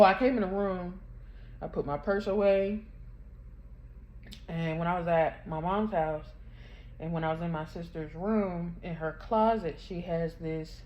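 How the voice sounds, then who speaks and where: A grieving woman vlogging from her bedroom, telling a painful story in a halting, rambling way, close to tears. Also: lowish voice. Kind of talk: emotional personal confession vlog. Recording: dull muffled sound with faint background hum.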